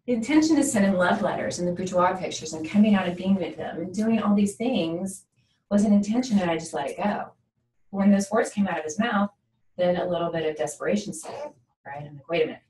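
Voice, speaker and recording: A woman's voice: on the low side, a little fast, a little mellow. A woman hosting a talk show, telling a candid and emotional personal story and often checking in with "right?". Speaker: podcast host. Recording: echoey room, mic at a distance, faint noise.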